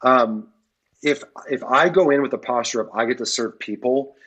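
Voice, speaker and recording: A man's voice: mid-range voice, normal speed, a bit bright, slightly rough. A man, a pastor, speaking as a guest on an interview podcast, earnest and repeating key phrases for emphasis.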